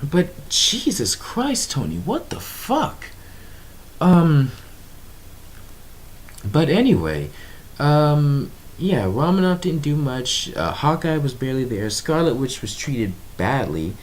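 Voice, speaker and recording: A young man rambles through a casual movie review with a lively, swinging pitch and plenty of ums. He sounds exasperated and talks in a loose, unscripted way. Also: slow pace. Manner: animated, exasperated, filler-heavy with frequent ums. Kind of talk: casual video review monologue.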